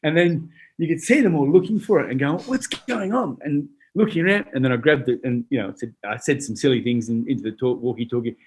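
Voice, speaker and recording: Fast-talking husky Australian man. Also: medium pitch. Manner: animated, swears freely, acts out voices in his stories. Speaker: guest, retired boxer. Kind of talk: casual storytelling.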